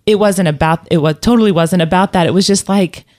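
A woman's voice: lowish voice, a little fast, darkish tone. A woman telling a personal story in casual conversation, rambling with fillers and restarts. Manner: rambling, many restarts and fillers, laughs often.

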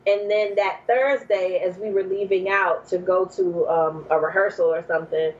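A woman, a mother in her thirties or forties, telling a personal story as a guest, leaping to high exclaims when she quotes herself. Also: steady tone, normal speed, distant mic. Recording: dull lo-fi recording.

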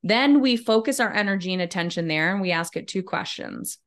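A woman's voice: fairly low pitch, a little fast, vocal fry, hardly any pauses. A woman leadership coach, a guest on an interview podcast, talking candidly and bluntly and acting out her clients' replies as she tells stories. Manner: candid, blunt, swears freely. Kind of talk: casual interview conversation.

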